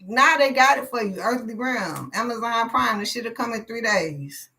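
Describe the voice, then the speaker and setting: A woman's voice: a little high, expressive, normal speed, bright, forceful tone, poor audio. Blunt, profane woman tarot reader. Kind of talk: live tarot reading.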